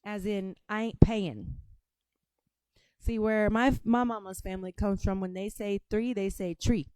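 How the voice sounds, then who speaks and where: A woman's voice: mid-range voice, steady tone, measured pace, a little mellow, no room sound. Brief: woman from Appalachia, sassy reaction host, dry close sound. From Appalachia, United States. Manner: sassy, mocking asides. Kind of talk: casual commentary.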